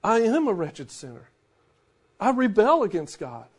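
A man in his forties, a pastor preaching a sermon in a conversational way, dropping to a hush for emphasis. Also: sits high, huge pitch swings, measured pace, slightly rough.

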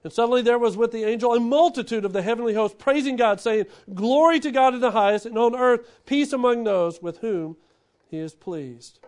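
High-voiced preaching man. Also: fairly quick. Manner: animated preaching, swings from loud bursts to hushed lines. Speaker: pastor. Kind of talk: sermon.

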